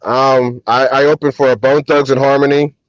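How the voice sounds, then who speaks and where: A man, a hip hop artist and DJ, telling relaxed anecdotes as an interview guest, with many ums and restarts. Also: medium pitch, moderate pace, dry recording, dull audio. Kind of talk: casual storytelling interview.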